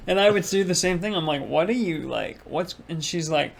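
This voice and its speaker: A man's voice: fairly high pitch, moderate pace, gravelly. A young man co-hosting a podcast in a laid-back casual chat, saying "bro" and "dude" and laughing often. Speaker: podcast co-host.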